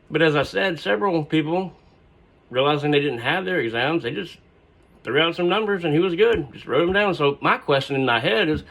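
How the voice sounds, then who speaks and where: A man's voice: high-pitched, creaky, a bit bright. A man casually telling a personal story, rambling and digressive with frequent fillers.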